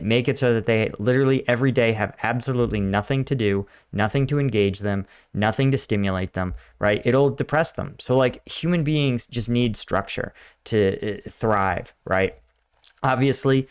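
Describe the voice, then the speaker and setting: A man's voice: medium pitch, clear, resonant tone. An American man hosting a reaction video, talking casually with lots of fillers and laughing along. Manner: chatty, laughs often, talks with many fillers.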